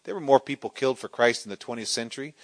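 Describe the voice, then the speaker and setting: A middle-aged man preaching a sermon, swinging from loud, soaring exclamations to quiet storytelling. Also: mid-range voice, very fast, dry recording.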